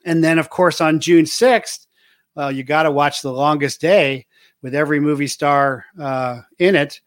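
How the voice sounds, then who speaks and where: A man hosting his own talk show in a loose, rambling monologue, full of "uh"s and restarts. His voice sits a little higher than most men's and sounds earnest. The recording is dry and close. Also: fairly even intonation, moderate pace, a bit bright, no echo. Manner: rambling, many filler words; earnest and patriotic. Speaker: show host. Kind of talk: casual monologue.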